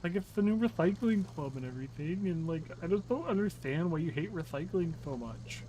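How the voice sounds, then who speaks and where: A man's voice: extremely high pitch, moderate pace, a bit bright, a little hiss or hum, voice pushed up, low-quality recording. A man voicing a whiny, aggrieved young male truck worker who complains in a sulky, filler-heavy way.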